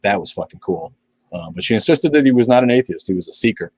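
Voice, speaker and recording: A man's voice: on the low side, expressive, fast talker, slightly rough, poor audio. An older man hosting a live stream, reading viewer comments in blunt, profane, sarcastic casual chat.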